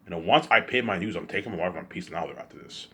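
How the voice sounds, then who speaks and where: A man's voice: low-pitched, fast talker, bright, forceful tone, slight background noise. A man delivering an agitated, repetitive, accusing rant straight to camera. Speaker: vlogger. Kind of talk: ranting monologue to camera.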